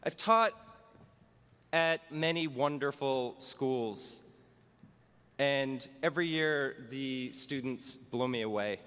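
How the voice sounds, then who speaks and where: A man's voice: mid-range voice, fairly bright tone, smooth. Wry male teacher in a reverberant hall. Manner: wry, self-mocking delivery. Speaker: teacher giving a commencement speech. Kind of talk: humorous commencement address. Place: school graduation hall.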